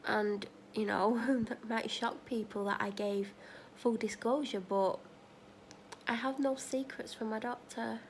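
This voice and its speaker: Rambling woman vlogging, high voice. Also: fairly even intonation, unhurried, slight background noise. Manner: rambling, talks in run-on asides, fills with "like"; retells conversations, acting out both sides. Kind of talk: casual chatty catch-up vlog.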